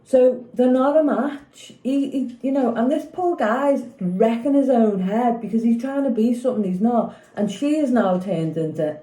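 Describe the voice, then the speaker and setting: Rambling fifty-something woman, dark mellow voice. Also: a little high, normal speed, few pauses. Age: 50s. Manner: rambling, opinionated, keeps asking "do you know what I mean". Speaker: vlogger. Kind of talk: casual opinion chat about a TV show. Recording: echoey room.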